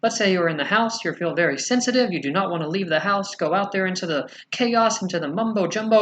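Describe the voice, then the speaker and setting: A man channeling a spiritual message as a collective "we", speaking slowly and soothingly with gentle rhetorical questions. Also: high-pitched, a little hiss or hum. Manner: slow, soothing, rhetorical questions ending in "yes?".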